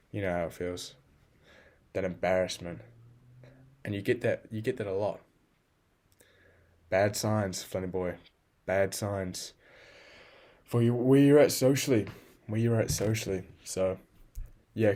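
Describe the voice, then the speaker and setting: Lower-voiced man scolding himself. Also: darkish tone. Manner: scolds himself in the second person; blunt and profane. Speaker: video journal keeper. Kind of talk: casual self-talk journal.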